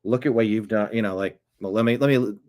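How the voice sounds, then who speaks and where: A man's voice: on the low side, fast talker, darkish tone. A man giving solo political commentary, reading a transcript aloud in an indignant, emphatic way.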